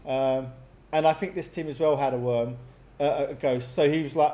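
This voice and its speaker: A man giving chatty, excitable live commentary on a strategy game match, often laughing. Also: mid-range voice, moderate pace, slight background noise. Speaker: game caster.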